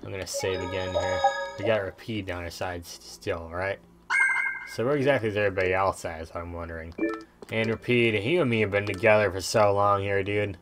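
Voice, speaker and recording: A man giving relaxed, rambling commentary while playing a video game, casual and offhand. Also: deep voice, brisk, over music. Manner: laid-back, rambling, says "dude" a lot. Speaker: let's play host.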